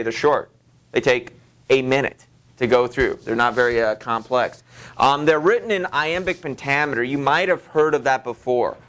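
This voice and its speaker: A man teaching a high school literature class in a loose, rambling way, full of fillers and restarts. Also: a bit bright, clean tone. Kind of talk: classroom lecture.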